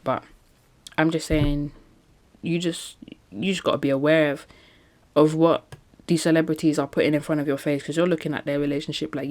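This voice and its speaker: A woman's voice: deep voice, steady tone, fairly quick, a little mellow. A woman talking casually in a solo podcast, chatty and emphatic, often laughing between points. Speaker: podcast host.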